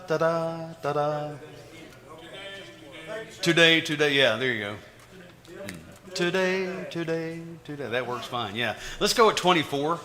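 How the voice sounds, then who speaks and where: In a large hall, a man with a mid-range voice leads an orchestra rehearsal over the loud sound of the players. He counts beats aloud and scats rhythms to show how they should go.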